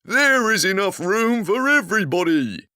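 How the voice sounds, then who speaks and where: A woman voicing a cunning fox who talks in a slow, coaxing way. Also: mid-range voice, sing-song, bright, forceful tone, no echo, studio quality, pitched above the performer's own voice. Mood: sly. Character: sly smooth-talking male fox, cunning.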